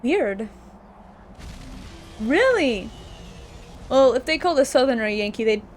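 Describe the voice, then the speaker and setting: A woman's voice: fairly high pitch, very animated, measured pace, pauses often, a little hiss or hum. A young American woman streaming a video game, chatting casually in a rambling way and laughing often. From United States. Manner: giggly, rambling, breaks into frequent laughter.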